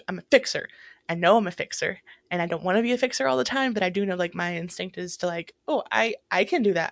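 Woman, lowish voice, reflective casual chat, dry close sound. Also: no echo. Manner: reflective, many "like" fillers and restarts.

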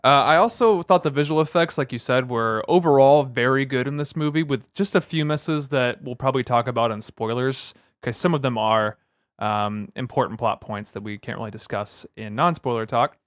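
A man in a casual film-review chat, talking in an animated, opinionated way with playful asides. His voice sits at an ordinary pitch for a man and is recorded close and dry. No room sound comes through. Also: normal speed, no room sound. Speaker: podcast co-host.

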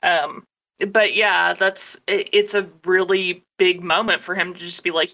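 A young woman in casual conversation, emphatic and blunt, with a bright, forward voice. Her pitch sits a little low for a woman, and she talks in easy, run-on sentences. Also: steady tone, unhurried. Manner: emphatic, swears casually, frequent laughter. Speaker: podcast co-host. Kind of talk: casual chat.

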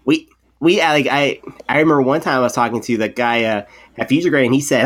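A man's voice: mid-range voice, fast talker. Rambling man on a podcast. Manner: rambling, many restarts and repeated words; animated storyteller, acts out quoted people. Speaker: podcast co-host. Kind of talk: casual podcast chat.

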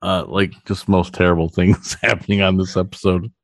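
A man's voice: sits low, little pitch movement, normal speed, gravelly, no room sound, studio quality. A man co-hosting a podcast, chatting in a laid-back way and reasoning things through. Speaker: podcast co-host. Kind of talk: casual chat.

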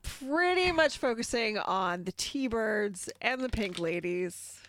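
A woman's voice: on the high side, expressive, slow pace, a bit bright, slight background noise. Woman co-host, dry teasing tone, keeps correcting him. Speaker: podcast co-host. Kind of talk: casual chat.

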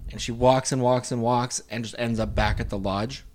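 A male podcast host in casual chat, retelling a horror film's plot in an animated way, full of "like" fillers. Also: medium pitch, normal speed, a little hiss or hum.

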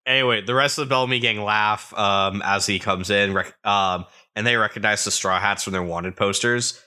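A man's voice: lowish voice, steady tone, sharp tone. A man co-hosting a podcast, recapping a manga chapter by chapter in casual chat with joking asides. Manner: recaps the plot with joking asides and quick voiced quotes. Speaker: podcast co-host.

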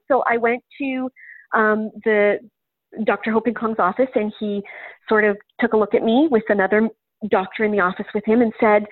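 A woman's voice: fairly high pitch, steady tone, a little fast, no room sound. A woman guest in an interview, recounting a personal story in a chatty way with frequent "um" fillers. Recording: tinny phone-line sound, dry.

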